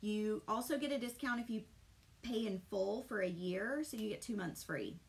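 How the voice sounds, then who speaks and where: A woman's voice: mid-range voice, moderate pace, a little hiss or hum. A middle-aged woman, chatting with viewers and greeting them by name while she paints live. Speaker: painting instructor. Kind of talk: live-streamed craft session.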